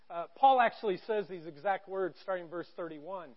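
A middle-aged man preaching a sermon from a church stage, conversational and joking, going from quiet to loud. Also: high-pitched, fairly quick, dull audio. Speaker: pastor.

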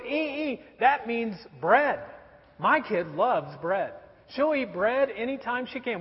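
A man in his thirties preaching a sermon, telling stories about his young children in a lively storytelling way. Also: high-pitched, slightly rough. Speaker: pastor. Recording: dull recording in a reverberant hall.

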